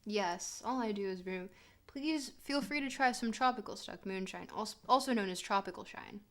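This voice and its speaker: Talking at normal speed in a medium pitch, this woman streamer jokes around as she plays, keeping her commentary casual and speaking straight to her chat in response to it.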